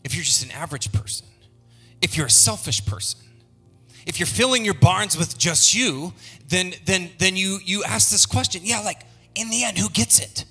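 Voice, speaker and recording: A middle-aged male pastor preaching a sermon, leading the congregation in call-and-response and swinging from low murmurs to soaring shouts. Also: animated, normal speed, husky, faint music behind.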